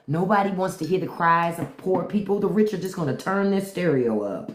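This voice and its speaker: A blunt livestream host rants in profane, unfiltered commentary. The pitch swings widely as they talk, and the voice echoes in a roomy space. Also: sing-song, fairly quick, hardly any pauses. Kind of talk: unscripted live-stream commentary. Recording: roomy echo.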